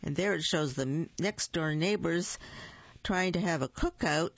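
A storyteller reading a picture book aloud at a deliberate pace, with small slips. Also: mid-range voice, vocal fry, no room sound, lo-fi sound.

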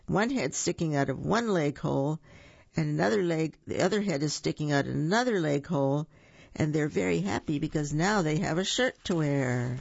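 A storyteller reading children's picture books aloud in a lively, sing-song way with small slips, on a dull, dry lo-fi recording. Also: mid-range voice, moderate pace, gravelly, husky, no room sound.

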